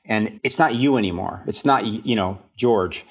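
A man's voice: fairly low pitch, normal speed, husky. A man, an author, chatting as a podcast guest in a reflective, self-deprecating way, laughing often. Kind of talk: casual interview chat.

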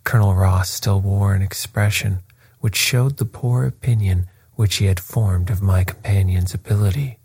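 A man reading a classic detective story aloud as narrator, in a steady, unhurried way. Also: deep voice, creaky, breathy edge, no echo. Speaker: audiobook reader. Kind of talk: scripted narration.

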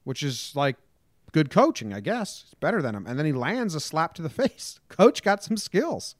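A man's voice: fairly high pitch, sing-song, normal speed, dry recording, clean studio sound. A young man co-hosting a casual chat, wry and joking as he trades stories. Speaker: co-host.

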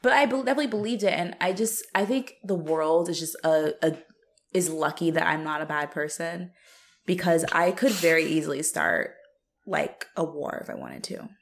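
A woman co-hosting a podcast, telling stories in a laughing, animated way and swearing casually. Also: low-pitched, moderate pace. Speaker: podcast co-host.

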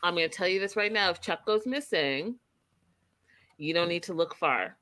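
Bright-voiced woman telling a gossipy recap. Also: lowish voice, moderate pace, no echo. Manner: animated storyteller, acting out quotes with emphasis. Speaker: podcast host recapping a reality show. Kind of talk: casual chat.

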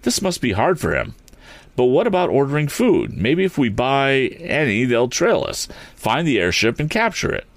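A man voicing an earnest young male inventor in a read-aloud story, speaking higher than his own voice. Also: huge pitch swings, moderate pace, no room sound.

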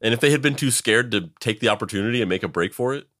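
A man co-hosting a podcast, chatting casually, laughing often and jumping up in pitch to act out quotes. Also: racing, fairly bright tone. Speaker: podcast co-host.

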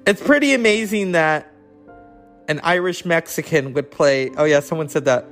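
A man's voice: a little high, moderate pace, fairly bright tone, faint music behind. A man hosting a casual, rambling, enthusiastic chat about classic films. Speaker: host.

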